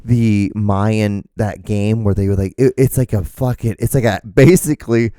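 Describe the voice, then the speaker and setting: A man's voice: lowish voice, steady tone, moderate pace, dark tone, dry recording. A young man hosting a solo podcast, rambling in a profane, mock-outraged way. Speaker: podcast host.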